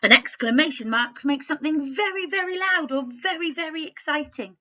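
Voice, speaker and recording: Bright-voiced woman teacher, dull laptop audio. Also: sits high, moderate pace. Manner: clear, expressive, addresses pupils with questions and prompts. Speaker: primary school teacher. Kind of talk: recorded home-learning literacy lesson.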